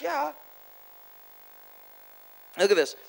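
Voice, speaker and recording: A man preaching a sermon at a church conference, animated, swinging between loud exclamations and quiet asides, quick and repeating himself. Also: extremely high pitch, gravelly, low-quality recording. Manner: quick, with repeated words and restarts. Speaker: guest preacher.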